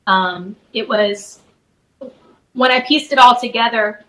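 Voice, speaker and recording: A middle-aged woman, a spiritual advisor guest, softly and reflectively telling a personal story in a podcast interview, with many fillers and restarts. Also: fairly high pitch, takes it slowly, low-quality recording.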